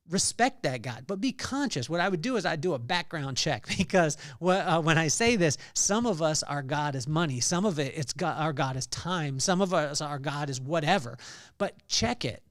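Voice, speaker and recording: Male podcast host, devotional talk, slightly high voice, dry booth sound, loose and conversational. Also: a bit bright, dry recording. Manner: conversational, storytelling with frequent fillers and restarts.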